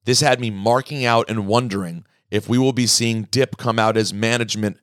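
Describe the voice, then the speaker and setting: Male podcast host, mid-pitched, close dry mic, animated mailbag reader. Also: normal speed, no echo. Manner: animated, reads listener emails aloud. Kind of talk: casual chat, reading mailbag.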